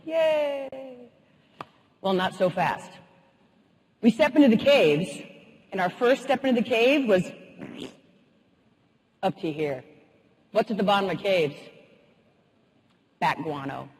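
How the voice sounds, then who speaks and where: Woman motivational speaker, keynote storyteller, animated and funny, husky voice, long hall reverb. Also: medium pitch, unhurried, long pauses. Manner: lively, humorous, animated.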